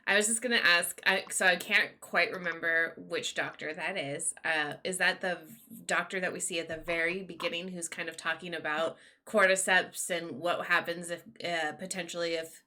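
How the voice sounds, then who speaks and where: Bright-toned woman panelist, laughing often. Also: fairly low pitch. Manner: lively, laughs often, quick back-and-forth. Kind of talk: casual panel discussion.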